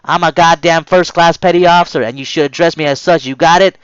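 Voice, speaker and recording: A man playing a harsh male navy drill instructor who yells and curses at recruits. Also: on the high side, fast, clean tone, dry recording, highs cut off, pitched above the performer's own voice, natural voice. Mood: angry scolding. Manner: yelling, cursing, barking orders.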